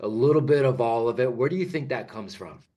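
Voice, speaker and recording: A man's voice: medium pitch, a little fast, mellow. A man hosting a podcast, giving casual encouragement and stacking several questions in a row. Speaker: podcast host. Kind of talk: casual interview.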